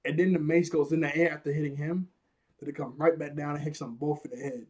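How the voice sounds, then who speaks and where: A man's voice: on the high side, fairly even intonation, quick pace. A man giving a casual, rambling episode review, laughing often at his own jokes.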